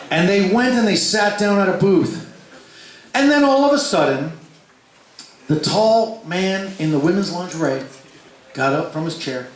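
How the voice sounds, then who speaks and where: A man tells a story from a concert stage, his fairly high voice leaping up and down as he acts out the people in it. He swears freely. The sound is a booming hall with a crowd audible behind him. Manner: animated, swings pitch widely for quoted voices, swears freely. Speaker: stage performer telling a story. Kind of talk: live storytelling between songs. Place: large concert hall before a live crowd. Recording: echoey live hall with crowd.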